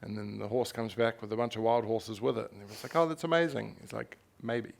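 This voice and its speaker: A fast talker, this young New Zealand man has a fairly low, gravelly and slightly mellow voice with flat delivery. He is an author speaking candidly in a live festival conversation on stage, frank and animated, laughing and swearing now and then.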